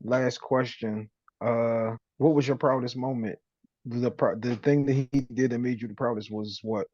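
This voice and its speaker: A laid-back man hosting a podcast, asking brief questions and laughing along. His voice is mellow and dark, and the recording sounds dry, dull and lo-fi. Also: medium pitch, fairly even intonation, moderate pace, no room sound. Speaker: podcast host. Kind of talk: casual interview chat.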